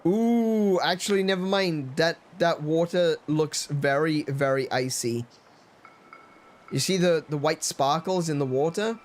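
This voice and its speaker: A man's voice: fairly high pitch, measured pace, a little hiss or hum. A man casually commenting on his gameplay during a live stream, joking with chat and laughing often. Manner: playful, jokey, laughs a lot, talks to chat. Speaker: game streamer.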